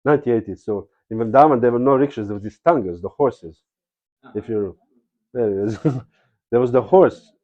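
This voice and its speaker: A man's voice: medium pitch, moderate pace, long pauses, a little mellow, muffled recording. A man giving a spiritual lecture, telling stories in a casual, digressive way and often adding "you know". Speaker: spiritual teacher. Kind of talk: devotional lecture with storytelling.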